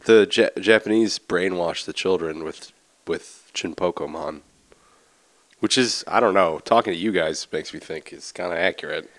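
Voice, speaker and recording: Male guest, very low voice, hesitant and dry. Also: normal speed, low-quality recording. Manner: quiet, hesitant, dry remarks. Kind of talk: casual chat.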